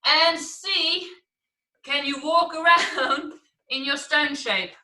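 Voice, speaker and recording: A woman leads young children through stretches and animal shapes, calling out each move and making animal sounds. Her voice is high and bright, and her instructions come slowly. She is heard from across an echoey room. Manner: encouraging, counts and calls out moves, makes animal sounds. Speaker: children's acrobatics teacher. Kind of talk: online movement class for children. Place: room at home, video class. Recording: echoey room, distant from the mic.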